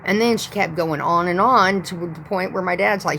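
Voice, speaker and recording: A woman's voice: fairly low pitch, moderate pace, creaky, bright, forceful tone, slight background noise, poor audio. A woman in her thirties telling a rambling, profane story in a casual vlog.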